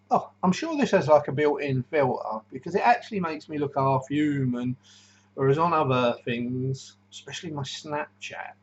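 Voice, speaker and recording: A man's voice: medium pitch, gravelly, lo-fi sound. A man, rambling and joking through a casual video diary about his diet, full of ums and uhs. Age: 50s. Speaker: keto diet vlogger.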